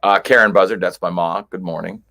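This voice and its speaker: Male livestream host, lowish voice, loose chatty delivery full of fillers. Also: fairly even intonation, brisk, creaky, bright, forceful tone. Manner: rambling, chatty, many fillers. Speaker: livestream host greeting viewers. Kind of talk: casual live chat. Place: chilly basement at home.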